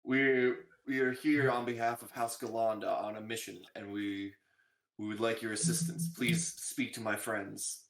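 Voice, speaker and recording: A man's voice: on the low side, little pitch movement, normal speed. A man playing a tabletop role-playing game, speaking in a formal, stiff way as his character. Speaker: player. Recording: echoey, distant mic.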